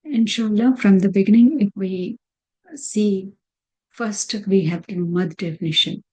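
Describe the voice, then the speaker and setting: A woman's voice: mid-range voice, a little slow, dark tone, low-quality recording. A woman teaching a recitation lesson over slides, patiently repeating terms and counts.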